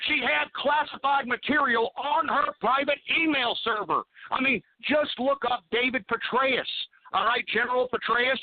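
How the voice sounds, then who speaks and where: A man's voice: extremely high pitch, no echo. A man hosting a talk radio show, ranting angrily and cursing as he takes calls. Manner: profane, angry ranting. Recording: tinny phone-like sound.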